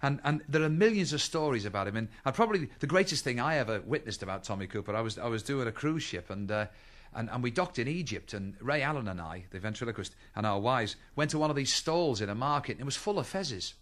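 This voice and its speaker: A man's voice: medium pitch, fast. A middle-aged man doing stand-up, telling chatty anecdotes on stage and acting out the people in them. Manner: chatty anecdotes, acts out voices, lively. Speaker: stand-up comedian. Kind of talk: stand-up storytelling. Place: stage with live audience laughter.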